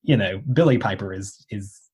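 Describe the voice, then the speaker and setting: A young podcast co-host with a low, expressive, slightly mellow and rough voice chats easily and casually. He speaks in halting bursts, often stopping, restarting and using fillers while thinking aloud. The audio is dull.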